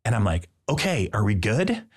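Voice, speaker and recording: A man's voice: fairly low pitch, big pitch swings, normal speed, husky. A man, a priest and podcast guest, telling a personal story in casual conversation and acting out the dialogue with playful asides. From Midwestern United States.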